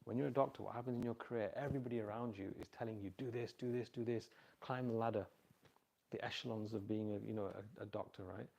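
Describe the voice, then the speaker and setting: A middle-aged man speaks to a live audience in a relaxed, conversational way, often asking listeners to repeat his point back to him. His voice sits at an everyday pitch but has a gravelly, creaky edge. It is also a little husky. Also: fast. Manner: storytelling with animated quoted voices. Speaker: speaker giving a talk on parenting. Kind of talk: informal religious talk.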